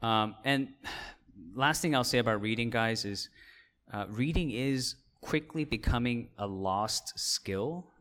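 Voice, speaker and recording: A pastor gives a casual seminar talk in a slow, medium-pitched, somewhat bright voice. His teaching is conversational, with frequent fillers and self-corrections, and he often checks in with his audience.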